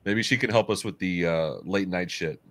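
Give me a man with a deep, fairly low voice hosting a relaxed talk show. He tells rambling stories and swears freely. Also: normal speed. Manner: loose, swearing, storytelling. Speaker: host. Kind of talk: casual chat.

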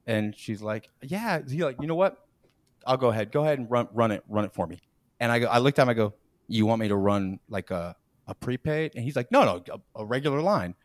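A podcast host in his forties tells a story in an easy, chatty way, slipping into the voices of the people he quotes and breaking into laughter. His voice sits at an ordinary middle pitch. The sound is dry and close, with no room around it. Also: fairly quick, no room sound. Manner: animated, acts out quotes, laughs mid-story, frequent restarts. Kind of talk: casual storytelling.

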